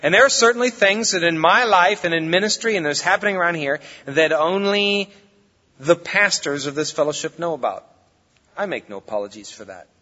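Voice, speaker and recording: A man's voice: a little high, lively intonation, brisk, bright, forceful tone. A man preaching a sermon as pastor, in a conversational, folksy way, recorded in a church hall. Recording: reverberant hall, dull lo-fi sound.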